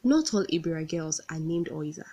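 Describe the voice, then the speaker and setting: A woman's voice: sits low, expressive, brisk, warm tone, slightly rough. A woman voicing a young woman at a job interview who answers sweetly while holding back irritation. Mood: polite, restrained.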